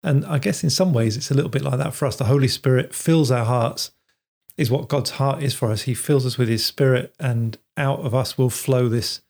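A man's voice: medium pitch, normal speed, gravelly, a little mellow. A man co-hosting a casual faith chat and leading prayer, earnest and explanatory, often restarting his words. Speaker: co-host.

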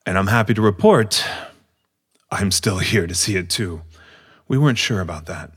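A man voicing a huge male minotaur hunter who is awkward with people, speaking in a halting, earnest way. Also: fairly low pitch, fairly bright tone, husky, no echo, clean studio sound. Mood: solemn.

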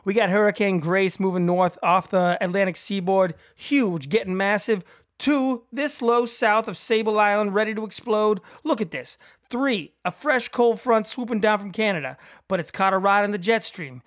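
A man doing a yelling Boston-accent weatherman. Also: sits high, moderate pace. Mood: worked up. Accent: Massachusetts, attempted. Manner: loud, building excitement, yelling. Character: excited male meteorologist with a Boston accent. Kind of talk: quoting a movie in a put-on accent.

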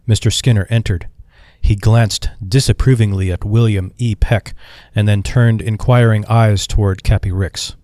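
A man reading a classic story aloud in a measured, expressive way. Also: fairly low pitch, no echo, clean studio sound. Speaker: narrator. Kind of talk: audiobook narration.

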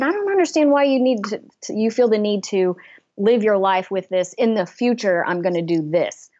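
A woman's voice: mid-range voice, darkish tone, highs cut off. A woman, a business coach telling a personal story in an interview, earnestly.

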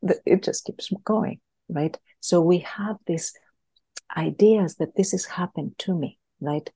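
A woman's voice: fairly low pitch, a little slow, dark tone, slightly rough, no room sound. A woman, a guest in a podcast interview, earnestly explaining an idea through a story and often repeating words as she thinks. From Greece.

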